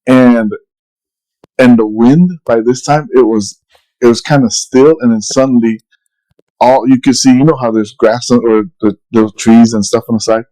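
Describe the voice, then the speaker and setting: Dark-voiced man telling a rambling story. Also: medium pitch, fairly even intonation, normal speed, rough recording. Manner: rambling, with many restarts and quoted dialogue. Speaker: podcast co-host. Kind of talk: casual storytelling.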